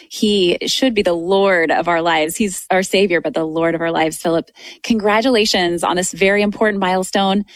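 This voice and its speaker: A woman's voice: medium pitch, no echo. A woman hosts a Christian radio interview in a gracious, devout way, welcoming her guest and giving thanks. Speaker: radio show host. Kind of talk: scripted interview hosting.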